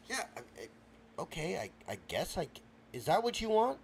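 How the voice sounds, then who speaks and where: A man's voice: high voice, wildly swooping pitch, normal speed, creaky, a little hiss or hum. Exasperated, stammering tipsy man. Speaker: podcast host. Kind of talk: late-night comedic rant with character voices.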